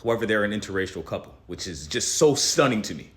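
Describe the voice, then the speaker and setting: Young male storyteller, low-set voice, animated and indignant, pitch spikes on emphasis. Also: fast talker. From United States. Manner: animated, voice climbs high when worked up. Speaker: commentator. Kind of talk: storytime commentary.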